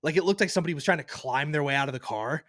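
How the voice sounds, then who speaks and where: A man co-hosting a podcast, telling a story in a casual, animated, profane way and acting out other people's lines. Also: fairly high pitch, racing, no room sound, studio quality. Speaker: podcast co-host.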